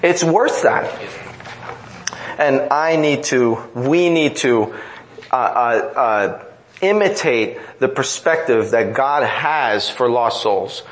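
A man's voice: medium pitch, expressive, slow, low-quality recording. A man preaching a sermon in an earnest, emphatic way, driving points home through repetition. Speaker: pastor.

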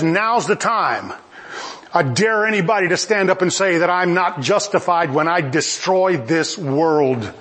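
A man preaching a sermon in an animated, emphatic way, with laughing asides. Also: a little high.

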